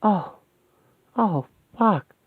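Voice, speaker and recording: A man's voice: high voice, lively intonation, very slow, slightly rough, no echo, heavily acted. A man voicing a young woman mystic in a fan radio play, talking in breathless wonder and explaining mystic symbols. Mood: rapturous. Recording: tinny dry lo-fi sound.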